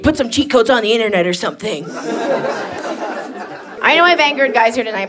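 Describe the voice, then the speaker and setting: A young woman doing a bawdy stand-up set on a club stage, slipping into quick acted-out voices. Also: a little high, animated. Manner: brash, bawdy, acts out quick impressions. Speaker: stand-up comedian. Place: comedy club stage before a live audience. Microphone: handheld stage mic. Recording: live club recording with loud audience laughter. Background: crowd laughing.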